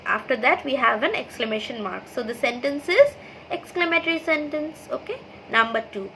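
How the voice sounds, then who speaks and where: High-voiced woman teaching an English class. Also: expressive, fairly bright tone, a little hiss or hum, rough recording. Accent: Indian English. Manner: reads sentences aloud, then names the punctuation; slow, explanatory, checks in with "okay". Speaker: school teacher. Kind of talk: online class lesson over slides.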